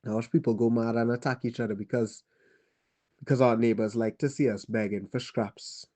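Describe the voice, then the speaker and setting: A man with a Trinidadian accent playing a weary male survivor who tells a child about the war in a grave, halting monologue. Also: mid-range voice, steady tone, a little mellow, close to an everyday voice. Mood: somber. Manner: halting, grave, pauses and restarts. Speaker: storyteller. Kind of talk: dramatic monologue.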